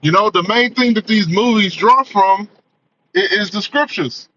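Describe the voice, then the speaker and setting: Speaking a little slowly in a sharp, high-pitched voice, a man rants profanely and emphatically about movies, filling gaps with "man" and "you know." The recording is dull and lo-fi.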